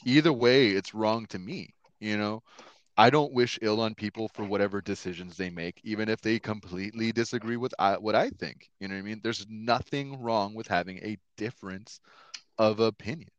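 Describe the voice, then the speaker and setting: A man's voice: lowish voice, normal speed, no room sound, highs cut off. A man in his thirties hosting a podcast, chatting casually in a rambling, profane way with lots of fillers. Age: 30s. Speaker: podcast host.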